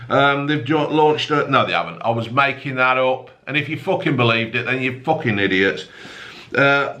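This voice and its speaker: A middle-aged man rants through tabloid headlines in a rambling, mocking way, swearing freely. His voice is bright and forceful, and it sits at an ordinary pitch for a man. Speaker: comedic news commentator. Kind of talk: rambling profane rant reading tabloid news.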